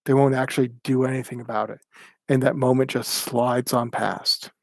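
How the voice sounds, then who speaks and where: A man teaching a livestreamed class in a plainspoken, halting manner, often restarting his sentences. His voice sits at an ordinary middle pitch. The sound is dry and close, with no room echo. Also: steady tone, gravelly. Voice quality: halting, many restarts and ums. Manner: plainspoken, acts out quoted remarks with raised pitch. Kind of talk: livestreamed talk.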